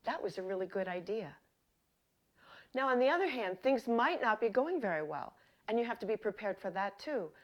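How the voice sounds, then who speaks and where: A woman hosting a comic mock language lesson, speaking in a deadpan, mock-authoritative way as a self-styled professor. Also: medium pitch, normal speed. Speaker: comedy host.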